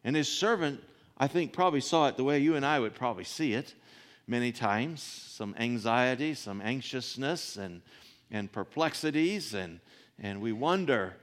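A man preaching a sermon, reading scripture and then expounding it, with rhetorical questions and soft asides. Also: mid-range voice, lively intonation, normal speed, long reverb tail.

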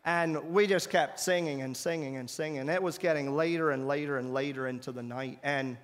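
A man's voice: on the high side, steady tone, normal speed, long reverb tail. A man telling an earnest testimony as a sermon, with emphatic spoken prayers. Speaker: preacher giving testimony.

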